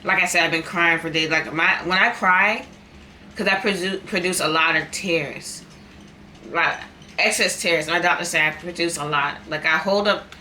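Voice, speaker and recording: While eating on camera, a young woman vlogger talks candidly at a moderate pace, repeating herself for emphasis. Her voice is on the low side, bright and forceful, with slight background noise.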